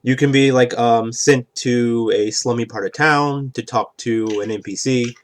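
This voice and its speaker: A man's voice: medium pitch, fairly even intonation, unhurried. A man explaining the rules of a tabletop game in a rambling, casual way, often checking in with "right?". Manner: rambling, keeps asking "right?".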